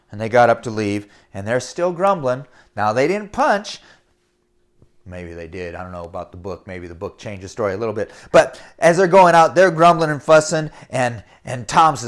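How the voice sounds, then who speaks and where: A man's voice: medium pitch, lively intonation, moderate pace. A man telling a children's story, addressing the kids directly. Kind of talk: reading a children's story aloud.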